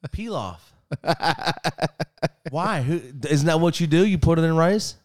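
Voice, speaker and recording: A man riffing in a loose podcast conversation, his pitch bouncing all over as he jokes. He swears freely and tells stories with quoted back-and-forth. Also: expressive, unhurried, a little mellow. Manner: joking, profane storytelling. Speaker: podcast co-host. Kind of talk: casual chat.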